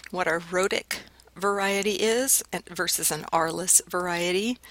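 A woman's voice: mid-range voice, bright, forceful tone, dry recording. A woman instructor giving a casual, explanatory recorded linguistics lecture, with fillers and restarts.

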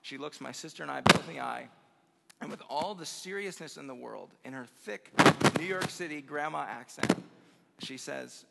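A young adult man, a pastor, telling a funny story as part of a lively sermon to a conference crowd. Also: medium pitch, moderate pace, creaky, heavy background noise. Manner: animated, humorous, speeds up as the jokes build. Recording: long reverb of a large hall.

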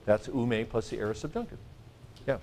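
A man teaching a Greek grammar class, lecturing in a lively, joking way and stressing his points. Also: medium pitch, moderate pace, slight background noise. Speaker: Greek professor.

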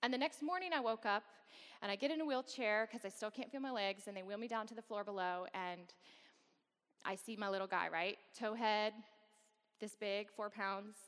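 A woman of medium pitch and moderate pace, her tone a bit bright, is the guest speaker at a campus worship service. In a large worship hall with long reverb, she candidly shares a personal story laced with wry, self-deprecating humor.

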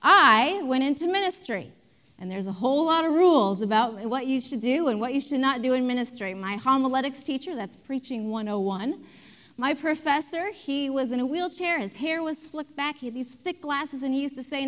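A middle-aged woman pastor preaching a sermon, telling lively stories and drawing the congregation into call-and-response. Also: high voice, moderate pace, big-room sound.

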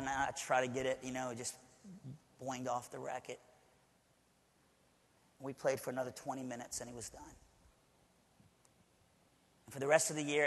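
A male preacher from Alabama telling a personal story in a sermon, talking conversationally with frequent asides to the audience. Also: mid-range voice. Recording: long hall reverb.

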